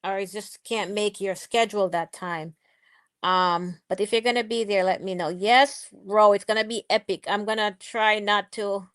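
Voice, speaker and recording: A woman's voice: mid-range voice, fairly even intonation, normal speed, a bit bright. A woman with a lilt hosts a live stream in an easy, chatty way. She reads viewers' comments aloud, cheers them on and laughs along as she talks. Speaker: livestream host. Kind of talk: casual live stream chat.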